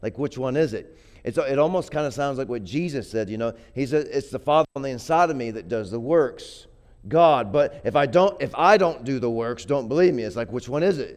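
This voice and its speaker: A man delivering a sermon in a smooth, resonant voice at an ordinary middle pitch. He talks to the congregation casually, stumbling and repeating words, then builds up to forceful, emphatic peaks. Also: expressive, fairly quick. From grew up poor. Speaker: preacher.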